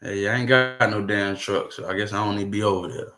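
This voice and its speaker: A man's voice: lowish voice, fairly even intonation, fast, pushed and bright. A man hosting his own livestream, chatting casually, rambling and swearing freely as he talks to viewers. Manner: profane, rambling, laughing between remarks. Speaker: livestream host.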